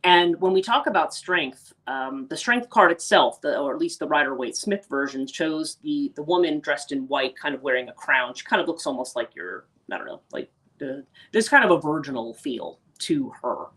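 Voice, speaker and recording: A woman's voice: low voice, lively intonation, normal speed, a bit bright. Rambling woman hosting a livestream. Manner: rambling, many restarts and fillers, reads out viewer comments. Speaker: life coach and livestream host. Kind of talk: casual livestream talk on tarot.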